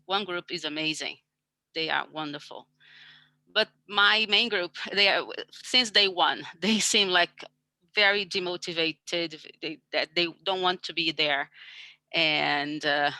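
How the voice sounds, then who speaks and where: A woman's voice: lowish voice, measured pace, bright, forceful tone, no echo. A woman who teaches university English, talking candidly in an online seminar over a video call.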